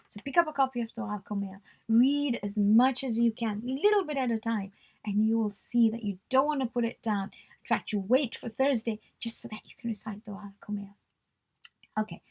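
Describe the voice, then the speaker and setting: A woman's voice: medium pitch, vocal fry, slightly rough. A woman teaching a religious workshop, reciting prayer phrases and translating them in an earnest, devotional way, often dropping to a whisper.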